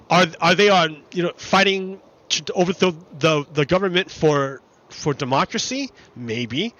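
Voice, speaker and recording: Halting, rambling male streamer explaining. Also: fairly high pitch, a bit bright, no echo. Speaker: livestreamer. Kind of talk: casual explanatory commentary. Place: home streaming setup. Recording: dry, slightly dull home mic.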